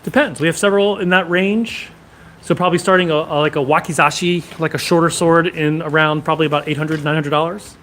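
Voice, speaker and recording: A man's voice: on the high side, fairly even intonation, fairly quick, a bit bright, slight background noise. A man hosting a casual live stream from a sword shop, reading viewer comments and answering them one after another.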